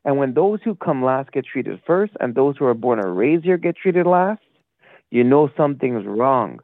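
Very animated and speaking at normal speed, a mid-range male caller rants indignantly on a talk show over the phone, rambling and sometimes losing track. The line sounds tinny, without echo.

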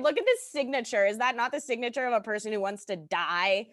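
Woman podcast co-host, bright high register, lively pitch, laughs often. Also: fairly quick, hardly any pauses, dry recording, studio quality. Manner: giggly, animated, trails off with fillers. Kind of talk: casual chat.

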